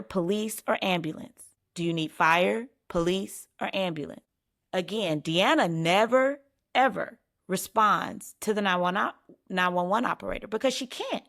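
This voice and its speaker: A woman's voice: fairly low pitch, fairly bright tone. A woman co-hosting a true crime podcast, recounting a case in an earnest, emphatic way and repeating phrases for weight. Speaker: podcast co-host.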